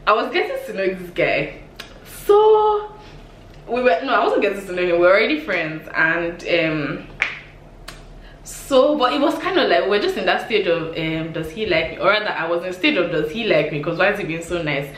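A woman in her twenties with a Nigerian accent, telling embarrassing stories on her vlog in an animated, exclamatory way, laughing often. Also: fairly low pitch, a little fast. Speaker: vlogger. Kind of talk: storytime vlog. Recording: echoey room with faint hiss.

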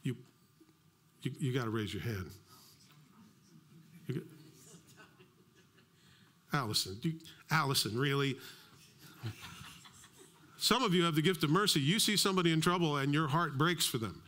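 A middle-aged male pastor giving a sermon, telling stories with lively acted-out dialogue. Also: a little high, moderate pace, long pauses, a little hiss or hum. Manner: animated storytelling, acts out dialogue.

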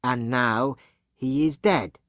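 A man's voice: medium pitch, slow pace, fairly bright tone, no room sound, studio quality. A man putting on a fierce French wine-shop woman. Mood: grim. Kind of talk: graded reader audiobook acting.

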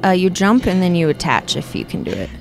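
A woman's voice: fairly low pitch, big pitch swings, fast, creaky, a little hiss or hum. A young adult woman casually chatting and swearing while playing a video game, exasperated and joking. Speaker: let's play gamer. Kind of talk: casual gameplay banter.

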